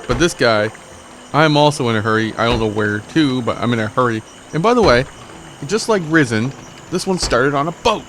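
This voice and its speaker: A man's voice: medium pitch, lively intonation, normal speed, fairly bright tone, slight background noise. A man giving rambling, joking, self-mocking commentary while he plays a game. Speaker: let's play host. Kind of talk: gameplay commentary.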